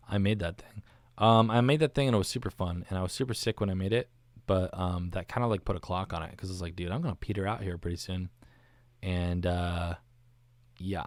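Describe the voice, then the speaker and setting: Rambling, low-voiced podcast host. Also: male voice, no room sound, clean studio sound. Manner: rambling, self-mocking, slangy. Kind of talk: casual solo podcast monologue. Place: recorded alone, not live. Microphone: studio microphone.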